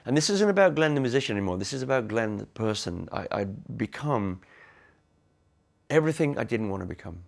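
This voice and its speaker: A man being interviewed, telling his own story frankly and haltingly, with restarts. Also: mid-range voice, animated, vocal fry. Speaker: interviewee, former band member. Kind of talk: candid reflective storytelling.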